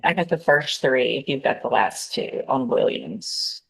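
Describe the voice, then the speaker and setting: Low-voiced woman judge in court. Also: animated, unhurried, gravelly. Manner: procedural, methodical, thinking aloud between formal readings. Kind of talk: courtroom proceedings.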